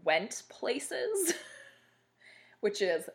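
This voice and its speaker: A woman's voice: mid-range voice, big pitch swings, drawn-out words. A young woman co-hosting a podcast in casual chat, chatty with lots of fillers and frequent laughs. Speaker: podcast co-host.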